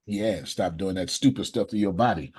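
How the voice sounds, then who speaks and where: A man hosting a casual online talk, playful and animated, with quick asides. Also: low voice, husky. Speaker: host. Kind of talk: casual online show chat.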